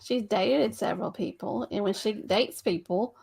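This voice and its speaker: A woman's voice: medium pitch, normal speed, creaky, a little mellow, husky. A woman co-hosting a casual live stream, reading out trivia questions and laughing often while she teases her co-host.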